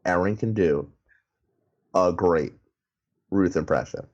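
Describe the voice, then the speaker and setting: A man's voice: low voice, slow pace, a little mellow. A man co-hosting a podcast in casual chat, rambling, laughing and restarting his sentences, recorded over a remote call. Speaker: podcast co-host. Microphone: remote call mic. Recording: lo-fi online call audio.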